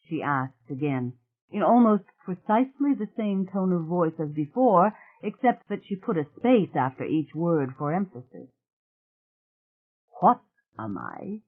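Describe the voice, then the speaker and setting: An audiobook narrator reads a thriller novel in a measured, even storytelling style. The voice is medium-pitched, and the recording sounds tinny, like a phone.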